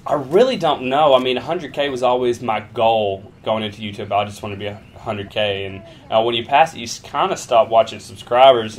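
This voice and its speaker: A man's voice: mid-range voice, slight background noise. A young man casually answering viewer questions in a rambling, jokey way, swearing freely. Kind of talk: casual Q and A vlog.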